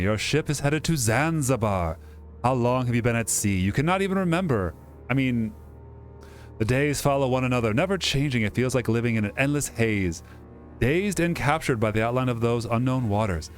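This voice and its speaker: A man's voice: mid-range voice, expressive, moderate pace. A young man casually reading a story game aloud with dramatic delivery, breaking off for jokes, over faint background music. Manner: reads dramatically, breaks off to joke. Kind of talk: casual let's-play narration.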